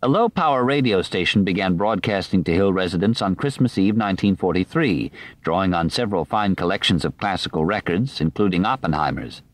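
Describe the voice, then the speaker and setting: Low-voiced male audiobook narrator, dry. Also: no room sound. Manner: measured, even reading.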